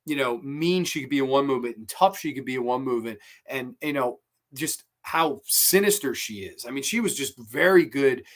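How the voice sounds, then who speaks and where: A man hosting a horror movie review show, chatting casually, swearing freely and retelling scenes with excitement. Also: medium pitch, normal speed.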